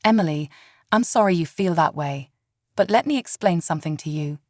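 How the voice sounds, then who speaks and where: Woman reading a dignified woman politician, steady, composed, lowish voice. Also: fairly quick, no echo, clean studio sound, close to an everyday voice.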